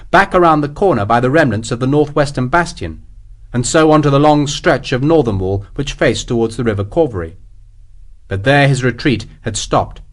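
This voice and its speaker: Male audiobook narrator, measured storytelling, lively pitch. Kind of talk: scripted narration.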